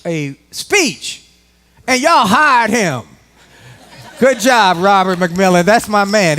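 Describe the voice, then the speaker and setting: Middle-aged man, motivational speaker, folksy and animated, fairly high voice, pitch all over the place. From Washington, D.C. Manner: animated, folksy, talks straight to the audience. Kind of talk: live motivational speech. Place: conference room before a live audience.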